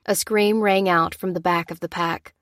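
Woman audiobook narrator, steady and lowish, dry close read. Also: normal speed, no room sound. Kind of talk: scripted narration.

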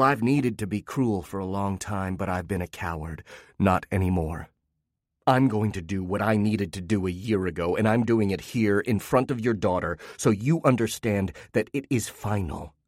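A man voicing a cold, contemptuous wife and mother who speaks with a cutting, terrifying calm. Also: fairly low pitch, no room sound, studio quality.

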